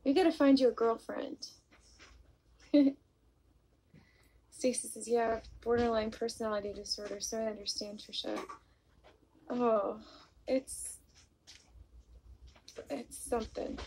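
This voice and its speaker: A woman hosting a casual live stream on her vlog, greeting viewers by name and reading their comments aloud, speaking softly and apologetically about her mood disorder into a phone or webcam mic. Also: on the high side, fairly even intonation, a little slow, long pauses, a little hiss or hum, rough recording.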